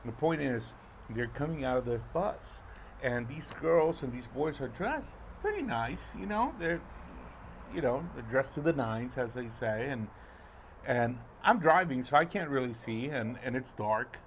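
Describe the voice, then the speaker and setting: A man's voice: mid-range voice, lively intonation, a little slow, slight background noise. Rambling man telling stories. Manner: swearing, rambling storyteller with many fillers. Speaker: podcast co-host. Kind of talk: casual chat.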